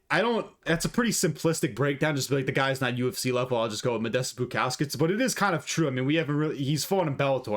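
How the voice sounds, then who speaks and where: A man's voice: medium pitch, fairly bright tone. A man giving a casual fight breakdown and picks, blunt and profane, with lots of asides and restarts. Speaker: fight analyst.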